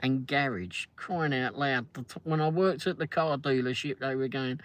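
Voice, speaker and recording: Speaking at a moderate pace in a mid-range voice, this middle-aged man from London has a London English accent. He hosts a casual livestream, chatty and jokey, rambling along as he replies to chat comments.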